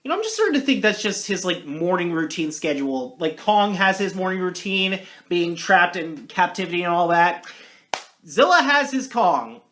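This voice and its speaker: A movie reviewer delivers a casual, rambling monologue, correcting themself often and joking at their own expense. They swing from loud, hyped-up lines to quiet muttered asides, speaking at a medium pitch, very animated, at normal speed.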